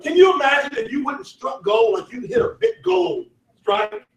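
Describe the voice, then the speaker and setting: A man leading a motivational sales training, shouting, laughing and getting the crowd to answer back. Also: very high-pitched, big pitch swings, normal speed, creaky. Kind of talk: motivational seminar talk. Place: large event hall. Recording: echoey hall, voice from far off.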